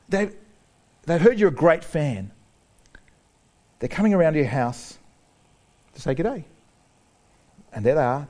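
A man delivering a sermon, his voice sitting a little high for a man. He preaches in an animated way, cracking jokes with the congregation and acting out the people he quotes. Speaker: pastor.

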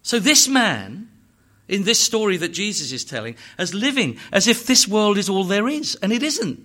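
A man preaching a sermon, emphatic and full of rhetorical questions and repetition, swinging between hushed and loud delivery. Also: high voice.

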